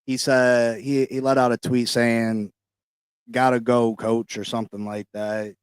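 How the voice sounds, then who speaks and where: A man hosting a casual sports podcast, talking in hyped-up slang and shouting out people in the chat. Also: medium pitch, fairly even intonation, normal speed, smooth, no room sound, studio quality. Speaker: podcast host. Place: New York.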